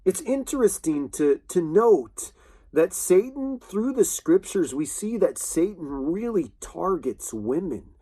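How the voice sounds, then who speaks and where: A man preaching a sermon in an earnest, halting way, with many restarts and fillers. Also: sits high, big pitch swings, warm tone, slightly rough.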